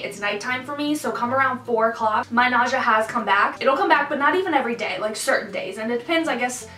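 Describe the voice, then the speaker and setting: Chatty pregnant young woman vlogging, bright higher voice, echoey room a bit off mic. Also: distant mic. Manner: chatty, lots of "like", animated asides. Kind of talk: casual pregnancy update vlog. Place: hot room indoors.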